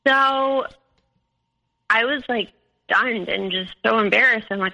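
A woman tells her own story as a podcast guest. She talks hesitantly, with lots of ums and likes. Her voice is bright and edged, with plenty of creaky fry at the ends of phrases. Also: a little high, slow, poor audio. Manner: hesitant, full of "um" and "like". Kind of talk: recounting a personal story.

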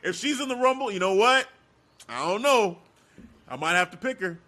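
A man's voice: high voice, moderate pace. A man in casual chat, laughing often and acting out quoted lines. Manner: animated, laughing, acts out quotes.

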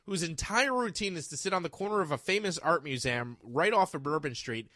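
A man's voice: fairly high pitch, animated, fairly quick, bright, forceful tone, dry recording, clean studio sound. A man co-hosting a trivia podcast in casual chat, joking and laughing often. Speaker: podcast co-host.

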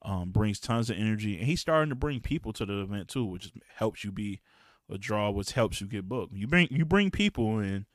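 A man's voice: lowish voice, animated, brisk, no echo, studio quality. Profane, rambling man host. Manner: loose, profane, slangy and rambling. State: clearing his throat, slight cough. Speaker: podcast host and battle rap league promoter. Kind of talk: casual podcast talk.

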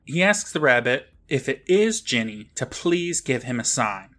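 Bright-voiced man recapping a show. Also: medium pitch, very animated, unhurried. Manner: wry, narrating plot beat by beat. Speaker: podcast co-host. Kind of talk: casual episode recap.

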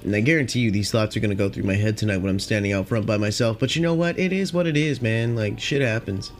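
A man's voice: lowish voice, fast, slight background noise. Rambling, profane young man. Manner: rambling, filler-heavy, profane. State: high on cannabis. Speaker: podcast host. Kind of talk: rambling casual monologue.

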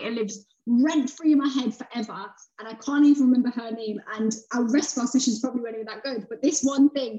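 A middle-aged woman, an author chatting casually as a podcast guest, animated and swearing freely. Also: a little high. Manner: animated, swearing, talks in quoted self-talk. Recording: slightly dull, lo-fi sound.

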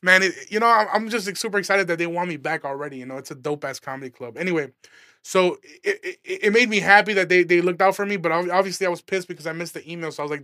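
A man's voice: high voice, quick pace, sharp tone, dry recording, studio quality. A young man from Illinois, a stand-up comedian hosting his podcast, telling a story in a casual, profane, fired-up rant. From Aurora, Illinois, USA.

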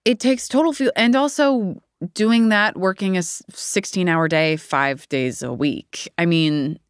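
Brief: woman, 30s, low smooth voice, candid rambling interview guest. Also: unhurried, no echo, clean studio sound. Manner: candid, rambling, laughs often. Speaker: actor guest. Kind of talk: casual interview chat.

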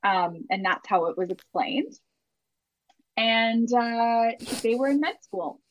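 A woman from Canada speaking as a podcast guest in casual chat, halting and full of ums. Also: fairly high pitch, expressive, dull audio, slight background noise. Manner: halting, many ums and uhs, laughs often.

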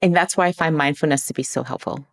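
A woman with a low voice speaks fast as a guest in a conversational interview. She talks earnestly and acts out quoted lines.

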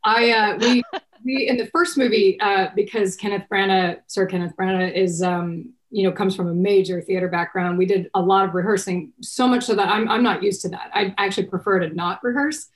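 A woman's voice: mid-range voice, steady tone, brisk. A middle-aged woman from Texas, an actress chatting casually in an interview, rambling with many restarts and fillers. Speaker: actress guest.

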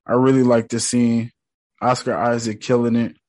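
A man's voice: medium pitch, level tone, normal speed, a little mellow, no room sound. A man giving casual, slangy reaction commentary, talking back at what he watches with a blunt, running manner. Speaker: reaction video host.

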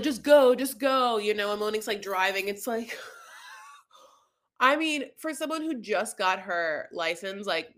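A woman co-hosting a podcast, chatting through a reality-show recap in a lively, storytelling way. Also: mid-range voice. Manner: animated storyteller, acts out the quotes. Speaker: podcast co-host.

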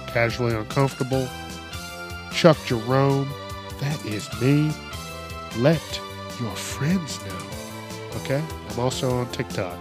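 A man hosting a casual comedy news podcast, rambling, swearing and laughing as he talks. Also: fairly low pitch. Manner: crude, laughing, rambling with restarts. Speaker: podcast host.

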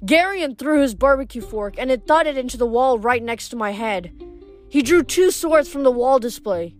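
A woman reading a novel aloud in steady first-person narration, with small restarts. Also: high-pitched, moderate pace, soft background music. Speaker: audiobook reader.

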